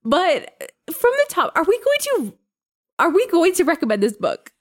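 A woman in her twenties co-hosting a podcast, chatting casually and telling stories in an animated way. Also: very high voice, moderate pace. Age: 20s. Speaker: podcast co-host. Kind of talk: casual chat.

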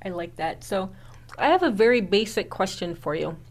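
A woman co-hosts a casual interview, asking light questions in a friendly, easygoing way. Her voice sits at a middle pitch. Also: expressive, moderate pace. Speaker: co-host.

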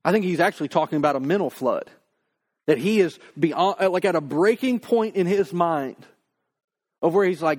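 A man preaching a conversational sermon, acting out quoted prayers in a slow, drawn-out voice. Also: sits high. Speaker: pastor.

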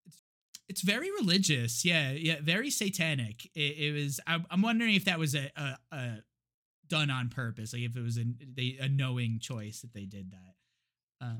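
A man's voice: medium pitch, animated, normal speed, pushed and bright. A man co-hosting a podcast, retelling a movie's plot in casual chat with lots of restarts and laughs. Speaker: podcast co-host.

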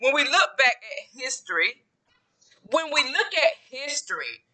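A man with a high, very bright, forceful voice talks to camera in a casual solo vlog. He rambles, often repeating phrases and starting sentences over before finishing a thought. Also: very animated, unhurried. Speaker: podcaster and YouTuber.

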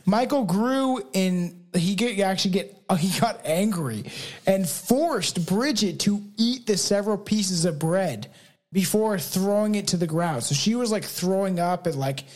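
A man's voice: sits high, animated, measured pace, a little mellow. A Canadian man co-hosting a podcast, telling a story in casual chat, swearing and laughing often. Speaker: podcast co-host.

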